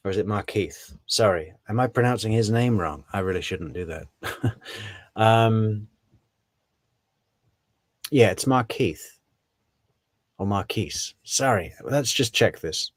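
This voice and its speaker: A man's voice: lowish voice, animated, slow pace, long pauses, no room sound. A man giving casual, rambling commentary on a true crime case, often correcting himself on names.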